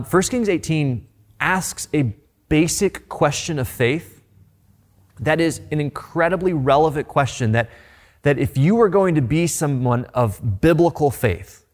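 Animated, conversational male preacher. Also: mid-range voice. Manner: animated, asks rhetorical questions; conversational, informal. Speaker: pastor. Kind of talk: sermon.

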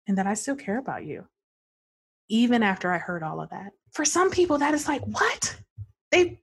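Breathy, expressive woman therapist. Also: medium pitch. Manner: expressive storyteller, acts out client voices, laughs often. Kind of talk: podcast conversation.

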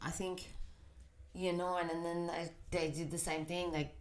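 A woman's voice: fairly low pitch, level tone, unhurried, crowd noise. A woman joining a casual podcast chat, chiming in with short remarks.

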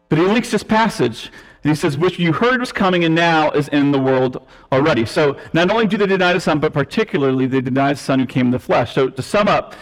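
A male preacher delivering a teaching sermon, emphatic and explanatory, with self-deprecating asides. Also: high voice. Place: church sanctuary. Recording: long reverb of a church hall.

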